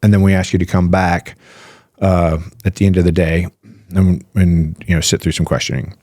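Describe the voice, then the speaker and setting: A low-pitched man talks through ideas in a relaxed podcast chat, firing off rhetorical questions and checking in with "right?" as he goes. His voice is recorded close and dry, with no room sound around it. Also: moderate pace, dry recording. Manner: animated, piles up rhetorical questions and "right?" tags. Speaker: physician guest. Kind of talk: casual podcast explanation.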